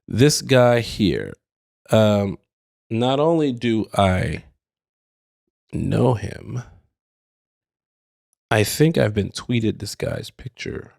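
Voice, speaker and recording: A man's voice: fairly low pitch, lively intonation, very slow, creaky, pauses often, darkish tone, dry recording, clean studio sound. A man co-hosting a casual chat podcast, joking and laughing often as he reads listener letters. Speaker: podcast co-host.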